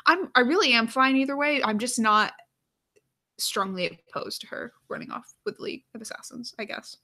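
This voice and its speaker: A woman hosting a live aftershow, chatting casually and reading viewer comments aloud, with lots of "like" fillers and quiet murmured asides. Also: fairly high pitch, animated, normal speed. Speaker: aftershow host.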